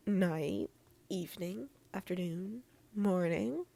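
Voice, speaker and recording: A woman reading fan fiction aloud as a podcast host, soft-spoken and often sliding into a near-whisper, with gushy, affectionate asides to her listeners. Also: on the high side, unhurried, creaky, long pauses, husky.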